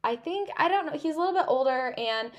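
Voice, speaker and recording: Chatty young woman podcaster, slightly high. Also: lively intonation, fast talker. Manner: chatty, filler-heavy storytelling with lots of "like". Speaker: podcast host. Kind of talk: casual podcast monologue.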